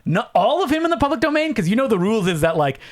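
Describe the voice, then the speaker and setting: A man co-hosting a casual film podcast, animated and jokey, chatting loosely with many fillers. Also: high voice, racing. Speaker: podcast co-host.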